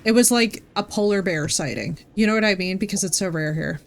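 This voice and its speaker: A woman's voice: mid-range voice, fairly quick, vocal fry, noisy background. A woman from New Jersey chatting with her viewers by name during a live gaming stream. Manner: chatty, talks to chat by name.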